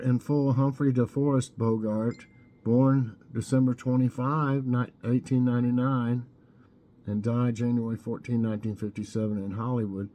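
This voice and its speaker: A man's voice: medium pitch, warm tone. A man hosting a casual morning trivia vlog, chatting and musing as he reads out questions, options and answers. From Tennessee. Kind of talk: casual trivia quiz, reading answers aloud.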